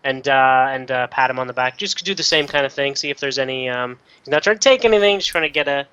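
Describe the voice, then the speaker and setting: A man banters as a tabletop player, rambling and joking through filler words. His voice sits at an ordinary pitch, and the recording sounds dull and lo-fi. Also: quick pace, sharp tone, a little hiss or hum.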